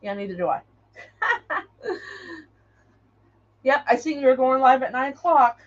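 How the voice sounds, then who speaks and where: Woman, craft livestream host, casual rambling chat, high voice, slightly muffled audio. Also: expressive, unhurried. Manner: rambling, chatty, greets viewers by name.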